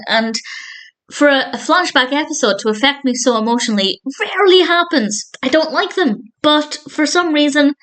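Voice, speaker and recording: A woman's voice: fairly high pitch, a bit bright. A woman reviewing a TV episode in a casual spoken style, retelling scenes with thoughtful, enthusiastic commentary and small self-corrections. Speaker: film and TV reviewer.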